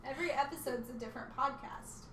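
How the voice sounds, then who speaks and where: A young woman with a high-pitched voice talks quickly as co-host of a casual fan podcast, bubbly and rambling, laughing often. The recording is noisy and echoey, with the mic far away.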